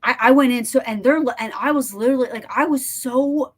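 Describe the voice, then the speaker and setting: A woman hosting a podcast over a video call, telling a story in animated, breathless bursts with lots of restarts and some swearing. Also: high voice, fairly quick. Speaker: podcast host. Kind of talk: casual storytelling chat.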